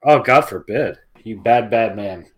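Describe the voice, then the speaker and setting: A man's voice: on the low side, unhurried, crowd noise. A man co-hosting a podcast, trading dry sarcastic banter in casual comedic chat. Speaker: podcast co-host.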